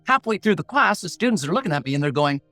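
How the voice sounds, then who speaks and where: A man's voice: high voice, very animated, fast talker, bright, forceful tone, no echo, faint music behind. A middle-aged man telling a personal story as a guest, earnest and blunt, with a punchy motivational way of talking. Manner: earnest, punchy, acts out inner voices; blunt, plain-spoken. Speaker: podcast guest, negotiation coach.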